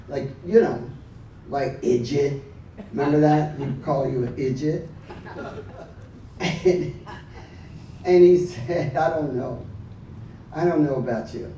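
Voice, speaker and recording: Slow, laughing man in an echoey hall. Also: medium pitch, slight background noise. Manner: laughing storyteller, slow, acts out quotes loudly. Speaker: memorial speaker. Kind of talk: personal story at a memorial gathering. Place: large hall. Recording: echoey hall, mic from far off.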